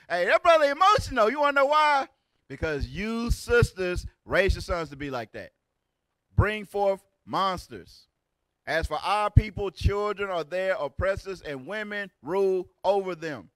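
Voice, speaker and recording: Animated preaching man, dry close sound. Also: sits high, dry recording. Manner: loud, rhetorical, repeats "right?". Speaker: teacher leading a lesson. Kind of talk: street preaching lecture.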